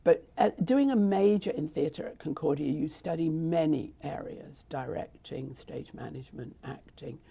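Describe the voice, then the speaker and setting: Interviewed about her life, this older woman with a British accent, who founded a theatre, wanders through her story with many restarts and asides. She speaks in a low, gravelly, husky voice with a dark tone, at a moderate pace and hardly pausing.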